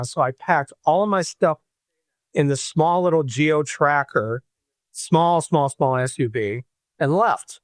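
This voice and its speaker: A man from Michigan, a podcast guest, telling a personal story in an animated way and acting out the voices he quotes. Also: on the high side, measured pace, no room sound. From Michigan, USA.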